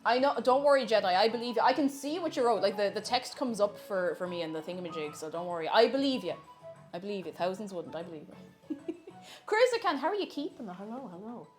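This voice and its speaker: A woman's voice: medium pitch, very animated, brisk, soft background music. A woman chatting casually while baking live in her kitchen, laughing often and reading out chat messages.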